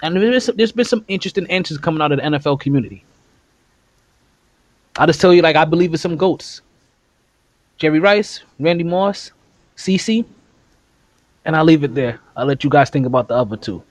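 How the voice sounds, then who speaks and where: High-voiced laughing podcast host, man. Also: fairly quick, long pauses, no room sound. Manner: laughing, rambling, animated. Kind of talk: casual sports podcast chat. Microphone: phone.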